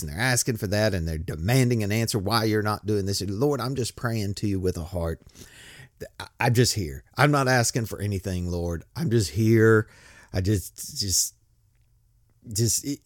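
A man with a low voice that rises and falls a lot, preaching a relaxed, joking sermon. He talks conversationally, breaks off and restarts often, and his voice is recorded dry and close. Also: normal speed, dry recording. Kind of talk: casual sermon with bible reading.

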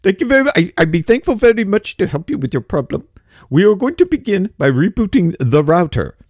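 A man's voice: sits high, very animated, brisk, darkish tone, no room sound, clean studio sound, voice pushed up. A man voicing a woman call-center agent who politely reads from a script. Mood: scripted politeness. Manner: stiff, polite, scripted phrasing.

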